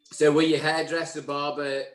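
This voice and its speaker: A man's voice: on the high side, little pitch movement, moderate pace. A man co-hosting a live barbering show, introducing a guest with lots of hesitations and fillers. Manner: hesitant, filler-heavy, friendly. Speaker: podcast co-host. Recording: roomy echo.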